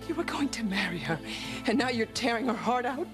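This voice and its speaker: A woman's voice: fairly high pitch, animated, fairly quick, natural voice. An actress playing a fierce, impassioned, devoted mother in a soap opera. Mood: outraged. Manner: impassioned, pleading then furious. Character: fierce devoted immigrant mother, middle-aged woman. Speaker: housekeeper and mother. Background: music.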